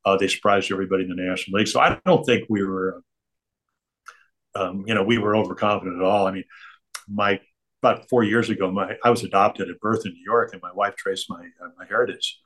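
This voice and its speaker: Older male guest, lowish voice, rambling anecdotes, chatty with easy chuckles. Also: fairly even intonation, fast talker, fairly bright tone. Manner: chatty, digressive, chuckles between stories. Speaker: interview guest.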